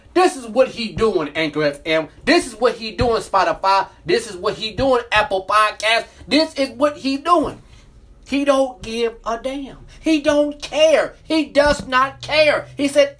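A woman's voice: fairly high pitch, animated, a little slow. A woman hosting a podcast, ranting about politics in a heated, repetitive, preachy way, full of rhetorical questions. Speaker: podcast host. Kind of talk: ranting political commentary monologue.

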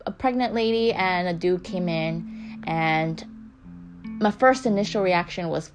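A woman's voice: on the low side, a little slow. A young woman hosting a podcast, giving a candid, casual motivational talk that swears freely and repeats phrases for emphasis. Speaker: podcast host. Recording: music playing underneath.

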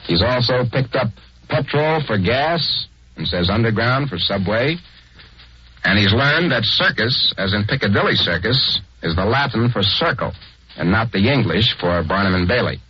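Wry, husky radio narrator. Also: male voice, lowish voice, expressive, normal speed. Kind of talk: scripted 1940s radio narration. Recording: dull lo-fi 1940s radio.

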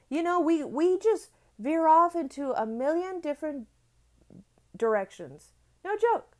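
A woman's voice: high voice, expressive, unhurried, a little mellow. A middle-aged woman giving an earnest motivational talk. She repeats phrases for emphasis and often checks in with "right?". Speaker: motivational speaker.

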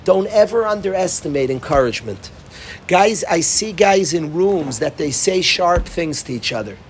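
A man's voice: fairly high pitch, animated, normal speed, slight background noise. A man giving an earnest Torah class, repeating himself for emphasis. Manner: earnest, repetitive, mixes Hebrew and Yiddish terms. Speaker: rabbi teaching a class.

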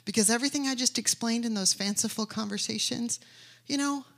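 A woman preaching to her congregation, her voice sitting a little high. She tells stories with animated energy and builds to emphatic, declaring lines. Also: brisk, gravelly. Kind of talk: sermon.

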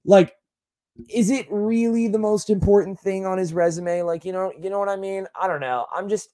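A man's voice: high-pitched, moderate pace, mellow. A man hosting a podcast in a casual, rambling monologue full of fillers and asides. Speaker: podcast host.

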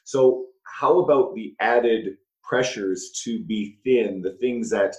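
A man hosting a podcast, asking measured questions and steering the talk. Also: lowish voice, darkish tone, echoey room, low-quality recording. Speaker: podcast host. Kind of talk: casual podcast interview.

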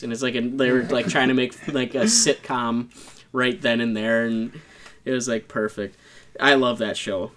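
A man's voice: mid-range voice, fairly even intonation, normal speed, fairly bright tone. Laughing, rambling podcast guy. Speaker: podcast co-host. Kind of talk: casual chat. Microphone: podcast mic.

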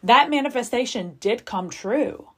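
A woman's voice: fairly high pitch, animated, a little slow, a bit bright, breathy edge. Give me a frank, confessional woman podcast host who swears freely and chats loosely. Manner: chatty with many fillers. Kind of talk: candid personal monologue.

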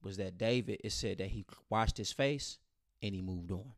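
A man's voice: on the low side, moderate pace, dry recording, studio quality. A man, telling a personal story in casual conversation, repeating phrases and acting out what others said. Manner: animated retelling, quoting others, repeating phrases. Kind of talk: casual chat.

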